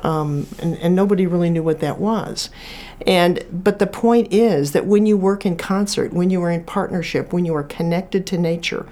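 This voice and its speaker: A Chicago-born author, interviewed as a guest, tells stories casually and chattily, full of fillers and restarts. Her voice is on the low side with a darkish tone.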